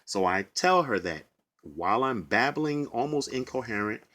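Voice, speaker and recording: A man, a bus driver, recounting a personal ordeal in an emotional, halting monologue with repeated words. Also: mid-range voice, lively intonation, pushed and bright.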